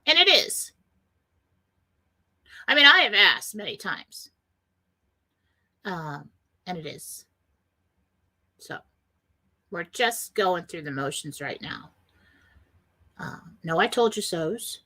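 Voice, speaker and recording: Bright-voiced woman radio host. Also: on the low side, big pitch swings, slow, pauses often. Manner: earnest, rambling, quotes panicked voices. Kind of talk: spiritual self-help talk.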